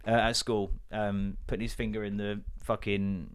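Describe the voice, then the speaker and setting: A man's voice: on the low side, moderate pace, clean tone. A man, telling stories in a sweary solo comedy podcast rant and acting out the people he quotes. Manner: sweary, animated storytelling with acted quotes. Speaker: podcast host.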